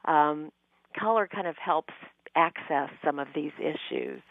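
Upbeat fifties woman guest, low voice, tinny phone line, dry. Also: unhurried, no room sound. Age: 50s. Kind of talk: radio interview.

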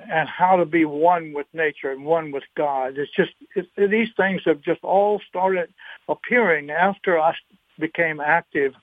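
A man in his eighties, a guest on a radio interview, speaking in a halting, earnest way with many repeated words and getting choked up. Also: on the high side, dry recording. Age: 80s. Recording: tinny phone line.

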